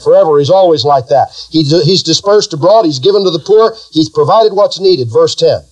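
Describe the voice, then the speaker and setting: A man preaches from the pulpit in a notably high voice. He stacks up repeated lines for emphasis and leads the congregation in call-and-response scripture. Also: fairly quick, few pauses, poor audio. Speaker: pastor. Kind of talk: sermon.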